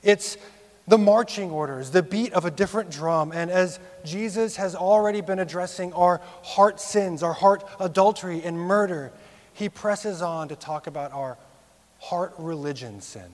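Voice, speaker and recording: A man in his thirties preaching a sermon, rising sharply for emphasis and dropping low and quiet on serious points. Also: moderate pace, big-room sound. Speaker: pastor.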